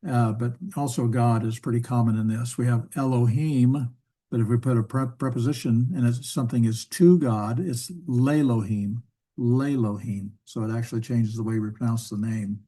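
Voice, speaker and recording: A man teaching a church Bible Hebrew class in a relaxed lecture style, thinking aloud with fillers and asking himself rhetorical questions. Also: medium pitch, brisk.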